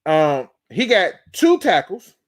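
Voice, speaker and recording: A man hosts a live sports talk show, emphatic and fired-up, breaking down game film and speaking straight to his audience, whom he calls "y'all." His voice is high and slow, with wildly swooping pitch.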